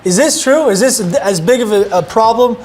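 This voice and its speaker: A man's voice: sits high, animated, normal speed, darkish tone, a little hiss or hum. A man co-hosting a business podcast, upbeat, asking prompting questions and citing statistics. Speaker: podcast co-host. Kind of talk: podcast interviewing.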